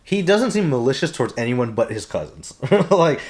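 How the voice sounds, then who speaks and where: A young man co-hosting a casual podcast chat who laughs often and gets animated when quoting characters. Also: medium pitch, moderate pace. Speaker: podcast co-host.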